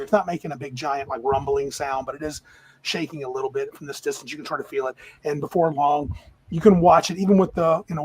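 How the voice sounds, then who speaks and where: A man narrating a tabletop game as game master, his voice slightly husky and pitched a bit high. He describes scenes in a lively, rambling, descriptive way. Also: low-quality recording.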